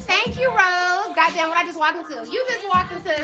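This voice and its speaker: A young woman, hosting a casual livestream, loud, brash and joking with viewers. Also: extremely high pitch, brisk, lo-fi sound, loud music behind the voice. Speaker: livestream host.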